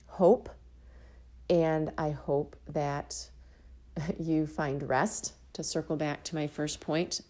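A woman delivers a heartfelt devotional sermon in a low voice. Her tone is mellow and relaxed, and she encourages her listeners by repeating key phrases. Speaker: Bible teacher.

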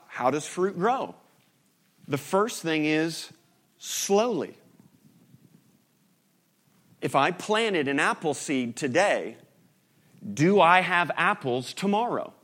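A man's voice: fairly high pitch, a bit bright. Male pastor, conversational sermon delivery, questions to the congregation, light humor.

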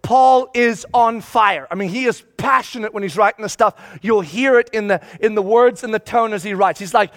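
A man's voice: sits high, fairly quick, hardly any pauses, a bit bright. A man preaching a sermon as he teaches through a scripture passage, with emphatic delivery that repeats key phrases for force.

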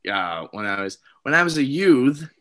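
A man's voice: mid-range voice, sing-song, normal speed, bright, forceful tone. A man who is a comedian guest on a podcast, telling wry, self-deprecating stories in casual chat.

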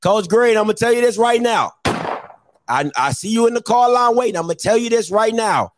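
A man with a high, lively voice hosts a call-in sports show. He is emphatic and repeats his points, sometimes breaking into a shout. The sound is dry and close. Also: normal speed, no echo. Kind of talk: animated call-in show banter.

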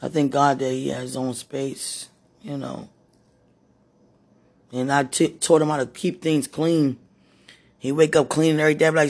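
A woman with a hoarse, husky voice, worn from preaching and crying, talking casually to God in a prayerful monologue and calling out to him between sentences. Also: low-pitched, flat delivery, normal speed, long pauses, darkish tone. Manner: talks to God aloud, breaks into moans and exclamations. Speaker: street preacher.

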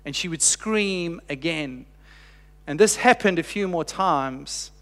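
A man preaching a sermon, telling a story earnestly with slow, emphatic pauses and dropping quiet for quoted lines. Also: a little high, animated. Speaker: pastor. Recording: long reverb of a large hall.

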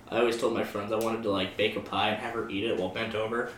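A man's voice: mid-range voice, expressive, moderate pace, fairly bright tone, a little hiss or hum. A young man chatting casually with friends, telling crude stories with lots of laughter and acting out the voices in them. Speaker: friend in group chat. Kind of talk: casual chat. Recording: roomy echo, distant mic, faint ambience.

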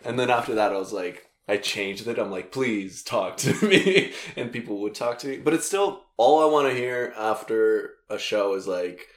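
Low-voiced man telling stories in a roomy room. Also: normal speed, few pauses. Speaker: comedian. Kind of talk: casual chat.

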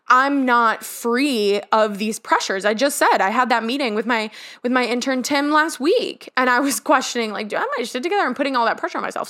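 A woman's voice: fairly high pitch, bright, forceful tone. A young woman hosting her own podcast, talking earnestly and rambling a bit, with lots of "like" fillers, recorded in her bedroom. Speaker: podcast host. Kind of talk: casual solo podcast monologue. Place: childhood bedroom.

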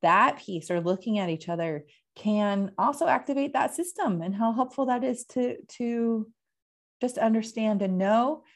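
A woman and parent talking casually about calming techniques, chatty and laughing often. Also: on the high side, unhurried. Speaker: parent and therapist. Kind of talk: casual conversation.

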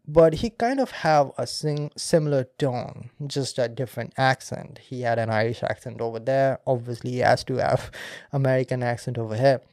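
A man's voice: mid-range voice, normal speed, darkish tone, dry recording, clean studio sound. A man hosting a podcast, talking casually, laughing often and explaining science step by step. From India. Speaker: podcast host.

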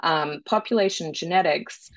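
A woman's voice: deep voice, normal speed, no room sound. A woman with an Australian accent, a founder talking casually as an interview guest, friendly and explaining in a thoughtful way. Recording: dull lo-fi dry sound.

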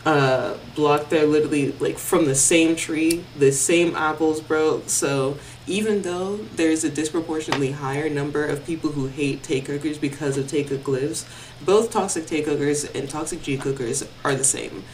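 A young woman with a low voice chats casually as a podcast co-host, rambling with plenty of fillers and slang. She sounds set back from the mic, and faint noise sits under her. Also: steady tone, moderate pace, a little mellow, distant mic, low-quality recording. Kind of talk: casual chat.

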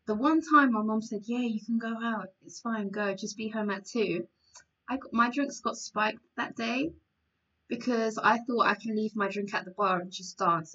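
A woman's voice: mid-range voice, pushed and bright. A woman in casual chat, telling a story earnestly and laughing easily. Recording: dull lo-fi sound.

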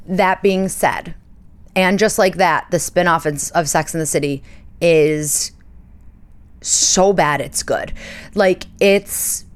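Low-voiced chatty woman. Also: takes it slowly. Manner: chatty, animated storytelling with lots of fillers. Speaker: podcast host. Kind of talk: casual chat.

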